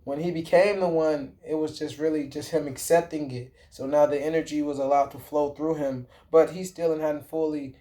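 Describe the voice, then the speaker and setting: Rambling, slangy man with a mellow voice. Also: on the high side. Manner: rambling, slangy and profane, with frequent fillers and self-corrections. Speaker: vlogger. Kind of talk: casual movie talk.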